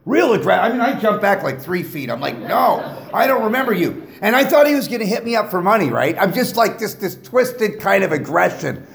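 A man's voice: on the high side, vocal fry. A middle-aged man giving a personal testimony to a recovery meeting, telling stories with humor and animation. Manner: animated storytelling, jokes with the audience. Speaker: guest speaker at a recovery meeting. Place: meeting room with a live audience.

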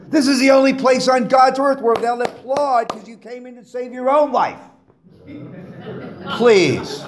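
A middle-aged man giving a personal testimony to a recovery meeting, telling stories with humor and animation. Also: very high voice. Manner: animated storytelling, jokes with the audience. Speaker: guest speaker at a recovery meeting. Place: meeting room with a live audience.

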